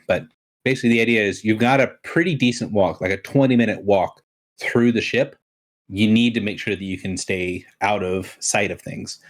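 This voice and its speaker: Low-voiced man running a tabletop game. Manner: relaxed, rambling explanations with restarts. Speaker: game master.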